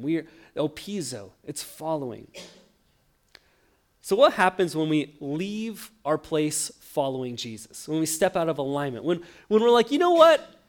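A man preaching a sermon, telling the story with lively acted-out quotes and frequent stammered restarts. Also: on the high side. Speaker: pastor.

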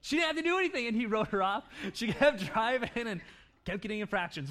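Animated storytelling preacher, man. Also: sits high, fast talker. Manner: animated storytelling with laughs and acted-out quotes. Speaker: pastor. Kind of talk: sermon.

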